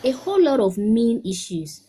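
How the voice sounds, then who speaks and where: A woman's voice: a little high, sing-song, moderate pace, warm tone, slightly rough, poor audio. A young woman guest speaking earnestly and candidly, mixing English and Yoruba. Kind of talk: conversational chat.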